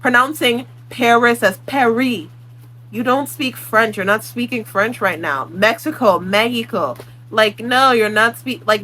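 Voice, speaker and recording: Blunt, exasperated woman with a bright voice. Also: medium pitch, slight background noise, rough recording. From Puerto Rican. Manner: exasperated, blunt, swears freely. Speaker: book vlogger. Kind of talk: casual opinion rant.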